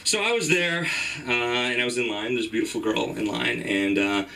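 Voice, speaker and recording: A young man from Iran doing a rambling stand-up set at an open mic, jumping into high, excited voices when he quotes people. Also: brisk, creaky. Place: comedy club stage. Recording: distant mic in a club room with audience. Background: audience laughing.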